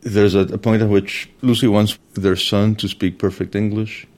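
A man's voice: fairly low pitch, little pitch movement, moderate pace, darkish tone. A male professor speaking thoughtfully in an interview.

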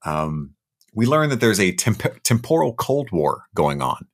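A man's voice: fairly low pitch, very animated, a little slow, husky. A young man co-hosting a podcast, casually recapping a film scene by scene and tossing in joking voices for the characters. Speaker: podcast co-host.

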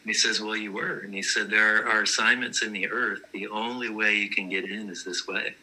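A man with a fairly low voice that sounds very bright and forceful tells his personal stories casually. His delivery stays flat and even, earnest and matter-of-fact. He plays it straight throughout. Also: fairly quick, low-quality recording. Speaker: guest telling his vision stories.

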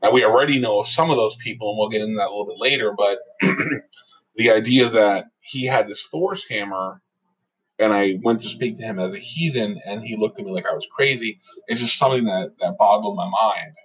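A man's voice: on the low side, fairly quick, husky, muffled recording. A man co-hosting a casual talk about his faith, telling anecdotes and acting out the people he quotes. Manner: storytelling, quotes others in lively voices. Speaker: podcast co-host.

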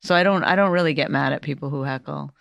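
Comedian guest, lowish woman's voice, blunt and salty, dry close mic. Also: quick pace, creaky, no echo, dull audio. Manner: blunt, profane and animated storytelling. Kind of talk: casual podcast chat.

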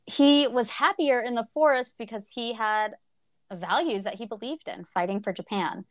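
A woman's voice: a little high, moderate pace, no room sound. A woman co-hosting a podcast in a casual book chat, laughing often and swearing freely. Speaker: podcast co-host.

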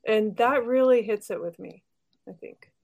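A woman's voice: a little high, normal speed, creaky, a little mellow. A woman co-hosting a casual podcast, speaking thoughtfully with some hesitation. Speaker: podcast co-host. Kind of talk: casual chat.

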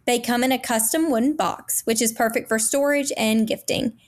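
A woman's voice: a little high, steady tone, moderate pace. A woman reading a podcast sponsor advertisement in an enthusiastic, selling manner. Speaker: ad reader. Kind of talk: upbeat sponsor read.

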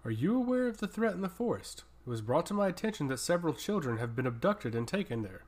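A man's voice: a little high, sing-song, fast, darkish tone. A man voicing a proud, powerful woman priestess who speaks in a curt, cutting way, in an audiobook reading. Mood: pressing.

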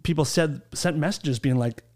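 A man's voice: fairly high pitch, normal speed, darkish tone. A man hosting a casual podcast, joking with his guests in a dry, sarcastic way. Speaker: podcast host.

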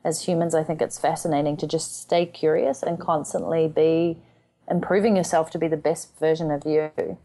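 A woman's voice: low voice, fairly even intonation, moderate pace, dark tone. A woman in her thirties from New Zealand, chatting animatedly as a podcast guest and acting out quotes. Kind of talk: casual conversational interview.

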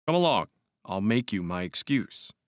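A man's voice: on the low side, very animated, dry recording, studio quality. Man doing a brash young cavalry officer. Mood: breezy. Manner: hearty, impatient, brisk.

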